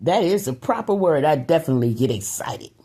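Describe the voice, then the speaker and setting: A woman talking to camera in a casual monologue, excitable and emphatic, dropping to low mutters and then rising to raised, riled-up outbursts with repeated words. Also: a little fast, husky. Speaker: vlogger.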